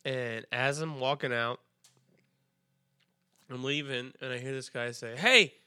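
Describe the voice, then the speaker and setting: A man's voice: medium pitch, little pitch movement, unhurried, bright, forceful tone, clear, resonant tone, no room sound, studio quality. A man guesting on a comedy podcast, telling a rambling story and swearing freely. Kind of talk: casual storytelling.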